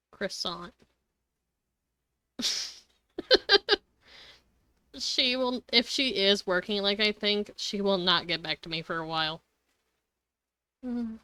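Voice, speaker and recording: A woman's voice: mid-range voice, pushed and bright, clear, resonant tone, dry recording. A woman streaming a video game live, chatting casually, giggling often and swearing freely. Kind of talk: casual live gaming commentary.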